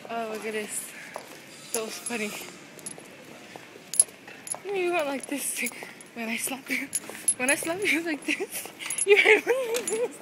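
A young woman with a high, lively voice teases her family and giggles through a home video. She talks unhurriedly, and clear airport noise fills the background. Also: slow pace, long pauses. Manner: giggly teasing, frequent laughter. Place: busy airport terminal.

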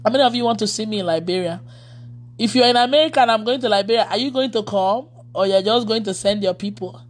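A woman's voice: medium pitch, fast. A woman pastor in casual livestream chat with her followers. She laughs often and reads their comments aloud.

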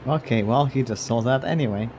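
A man gives casual let's-play commentary at an ordinary mid pitch. He stays loose and wry, teasing the game's characters and cursing offhandedly now and then. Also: a little fast, a little mellow, slight background noise. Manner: wry, blunt, swears casually, chuckles at the game. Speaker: game streamer.

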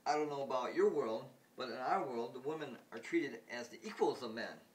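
A man voicing a firm, indignant mother, reading her lines louder and higher than his own voice. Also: fairly quick, far from the mic, noisy background, close to an everyday voice.

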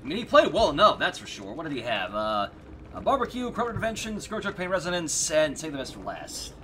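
Male game streamer, live commentary, very animated pitch, startled yelps and dry self-talk, noisy background. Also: fast.

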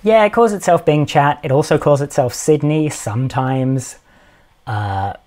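A man hosting a casual podcast chat, explaining things in an animated way and quoting with dry amusement. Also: on the high side, measured pace. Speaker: podcast host.

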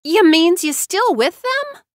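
A woman voicing a scornful, frail young woman with a rough rural twang. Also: sits high, animated, unhurried, fairly bright tone, no echo, studio quality, voice pushed up. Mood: mocking. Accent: rural Southern US twang.

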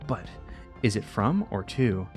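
A chatty man hosting a let's play, rambling along with casual swearing. His pitch is mid-range but very animated, and faint music plays behind him. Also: measured pace. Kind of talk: casual game commentary.

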